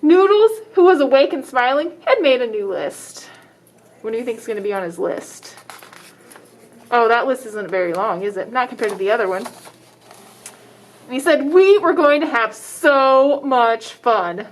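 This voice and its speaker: A woman librarian reading a picture book aloud to children, dramatic in the exciting parts and stopping to ask the listeners questions. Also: fairly high pitch, normal speed, pauses often, a little hiss or hum. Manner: expressive, dramatic exclamations, asks children questions.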